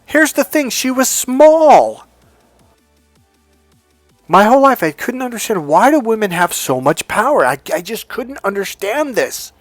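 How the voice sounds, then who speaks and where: A middle-aged man giving an emphatic, profane motivational talk as a relationship coach. He swings between loud commands and quiet asides. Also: very high-pitched, very animated, measured pace, no echo, faint music behind.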